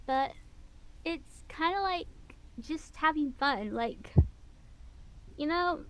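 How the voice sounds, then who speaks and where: Chatty high-voiced woman with a Missouri accent. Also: takes it slowly, long pauses. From US Midwest. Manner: chatty, rambling, animated. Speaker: guest VTuber. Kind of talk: casual interview chat.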